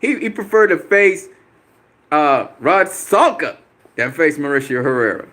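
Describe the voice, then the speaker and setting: Combative male stream host, fairly high and very lively delivery, profane, repetitive. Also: unhurried. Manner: combative, profane, repeats himself for emphasis. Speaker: boxing channel host. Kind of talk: live-stream chat replying to viewer comments.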